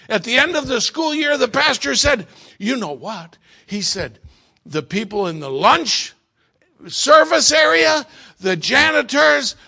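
Bright high-voiced man preaching. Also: creaky. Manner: storytelling, swinging from hushed asides to shouted peaks. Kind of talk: sermon.

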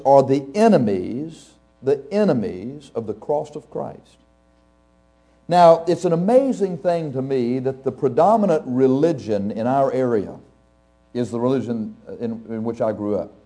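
A man's voice: mid-range voice, dark tone. A male pastor preaching to a live congregation in a conversational, anecdotal way, chuckling often and asking the audience questions. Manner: speaks straight to the audience, asks questions.

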